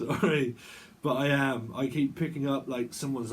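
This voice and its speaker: A man's voice: medium pitch, fairly even intonation, a little hiss or hum. Rambling man reading tarot. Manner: rambling, chatty, quick asides and self-interrupting laughs. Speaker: tarot reader. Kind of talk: casual monthly tarot reading.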